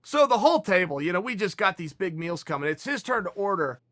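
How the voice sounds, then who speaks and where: A man in his forties from Oregon telling a long story in casual, animated style, often restarting his sentences. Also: high-pitched, quick pace, no echo, studio quality. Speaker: podcast host.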